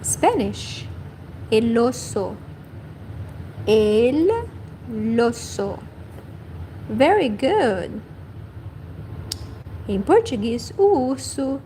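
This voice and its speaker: A woman leads a livestream language lesson, pronouncing every word twice at a very slow, deliberate pace. Her voice sits a little high. A faint hiss of background noise runs under her speech. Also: animated, dark tone, rough recording. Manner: repeats each word slowly and carefully. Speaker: language teacher. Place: home livestream.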